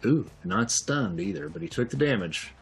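A man narrating as game master for a tabletop game, unhurried and laughing often. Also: mid-range voice, very animated, gravelly, soft background music.

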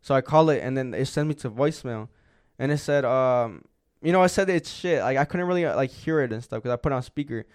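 A man's voice: medium pitch, quick pace, few pauses, clean tone. A young man co-hosting a podcast, telling a long story in casual chat, rambling and swearing with lots of filler words. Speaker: podcast co-host.

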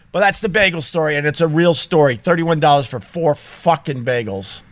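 A man's voice: a little high, fairly bright tone, no room sound. A man in a small home studio telling a story in an indignant, emphatic casual rant, swearing freely. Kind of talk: casual ranting monologue.

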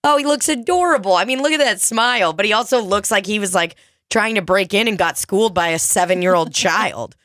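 A woman's voice: medium pitch, fairly quick, dry recording, clean studio sound. A woman in her twenties, a comedian co-hosting a podcast, telling stories in casual chat with lots of swearing and acted-out voices. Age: 20s. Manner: animated storytelling, heavy swearing, acts out voices.

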